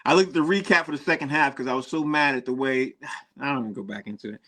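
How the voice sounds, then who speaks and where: A man's voice: mid-range voice, fast talker, crowd noise. A man hosting a casual sports talk show, rambling and repeating himself with frequent laughs.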